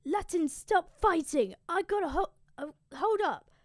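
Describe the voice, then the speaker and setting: A woman voicing a frantic, whiny young male warrior, high-pitched and exasperated. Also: expressive, normal speed, darkish tone, no room sound, studio quality. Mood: shouting.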